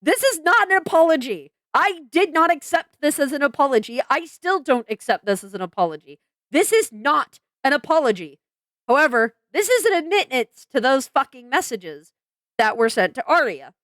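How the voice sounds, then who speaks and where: A woman's voice: sits high, very animated, moderate pace, fairly bright tone, dry recording. A woman venting in a commentary vlog, frank and exasperated, swearing and restarting her sentences with lots of fillers. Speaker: vlogger.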